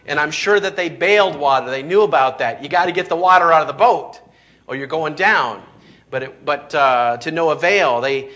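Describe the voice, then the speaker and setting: A man's voice: fairly high pitch, normal speed, sharp tone. A pastor delivering a sermon, preaching emphatically, reading scripture aloud and often restarting his sentences.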